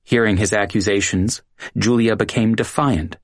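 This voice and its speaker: A man narrating a dramatic true story in a measured, dramatic way. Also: fairly low pitch, steady tone, dry recording, clean studio sound.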